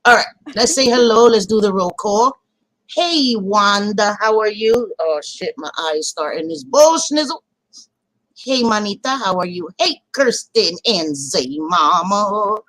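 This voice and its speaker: A woman's voice: mid-range voice, lively intonation, measured pace, a bit bright, no echo, rough recording. Woman streamer, laid-back and profane, runs a roll call of her chat. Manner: chatty, swears casually, greets viewers by name. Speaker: livestream host. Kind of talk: casual livestream chat.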